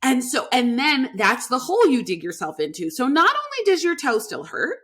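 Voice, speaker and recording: A woman in her thirties hosts a podcast in a somewhat high, bright voice. She affirms her guest warmly, chats in a casual way, and now and then puts on the voice of a harsh inner critic. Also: wildly swooping pitch, normal speed. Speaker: podcast host psychologist. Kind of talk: casual interview conversation.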